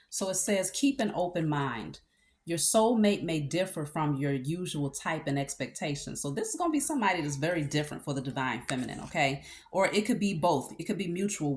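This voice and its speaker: A woman with a low voice talks through a tarot reading in an easygoing, conversational way. She stops often to check in with her listener and fills the pauses with casual asides. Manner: conversational, with fillers and check-ins. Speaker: tarot reader.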